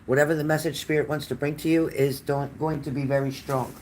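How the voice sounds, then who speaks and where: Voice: mid-range voice, level tone, brisk, a little hiss or hum. A psychic card reader hosting a live stream, chatting loosely with viewers by name, with many fillers and restarts. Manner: chatty and warm-toned, addressing viewers by name and calling them honey. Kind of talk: casual live-stream card reading, answering viewer comments.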